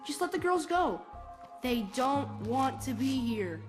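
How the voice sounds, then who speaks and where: Brief: a high, slow, pleading cartoon princess, earnest, music underneath. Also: female voice, very animated, exaggerated voice. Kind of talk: cartoon voice acting.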